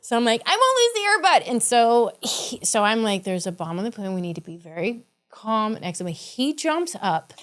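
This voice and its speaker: A woman's voice: medium pitch, normal speed. A woman from Kentucky, a podcast guest, telling a story in casual chat and acting out the people in it. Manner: animated, acts out the people in her story.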